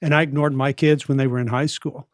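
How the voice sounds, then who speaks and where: A man's voice: mid-range voice, level tone, quick pace, no echo, clean studio sound. Earnest man giving parenting advice. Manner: earnest, direct, asks pointed questions. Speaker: parenting counselor, guest. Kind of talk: advice in a podcast conversation.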